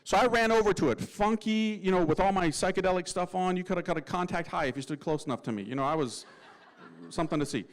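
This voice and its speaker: A male priest telling his story with humor and slang, and he mimics the people in it. His voice sits a little higher than most men's. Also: fast talker, poor audio. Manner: lively, slangy, acts out voices. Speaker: Catholic priest.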